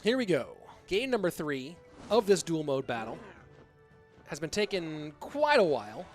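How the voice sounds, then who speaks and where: Over soft background music, an esports caster and streamer in his thirties commentates a live online match in an unhurried, very animated, fairly high-pitched voice. He keeps things casual and chatty with his audience and reads out donations.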